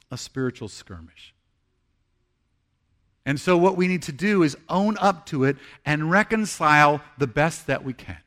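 A middle-aged man preaching a sermon as pastor, earnest, rising to emphatic peaks and dropping to hushed, slow confessions. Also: on the high side.

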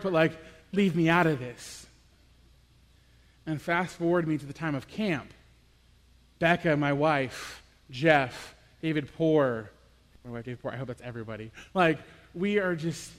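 A young man giving a personal, confessional sermon as a youth pastor, moving between quiet reflection and animated storytelling. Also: fairly high pitch, in a large hall.

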